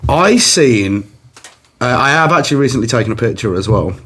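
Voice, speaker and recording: A man's voice: medium pitch, a little fast, husky. A young man, a comedian hosting a podcast, telling a rambling story in casual chat and putting on voices. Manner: animated, laughing, rambling storyteller doing voices.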